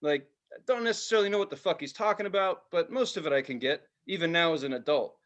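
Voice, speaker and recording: Animated storytelling man, higher voice. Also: fast, highs cut off. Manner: animated storyteller, swears freely, acts out quotes. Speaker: podcast co-host. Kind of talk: casual chat.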